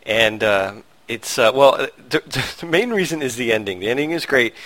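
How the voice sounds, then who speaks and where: A male podcast host chatting in an easy, relaxed way, often chuckling and pausing on fillers. His voice sits at a middle pitch. The sound is dry and close, with no echo. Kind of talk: casual chat.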